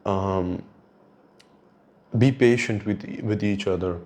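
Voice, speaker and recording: Young male podcast host, lowish voice, rambling and reflective, casual swearing. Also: steady tone, takes it slowly, a little mellow. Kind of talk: casual monologue.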